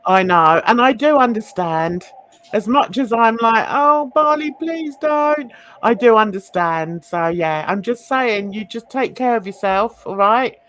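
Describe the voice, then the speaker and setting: A woman's voice: mid-range voice, unhurried, fairly bright tone. An older woman hosting a live react stream in a casual, giggly, chatty way. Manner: chatty, giggly, fumbling with playback.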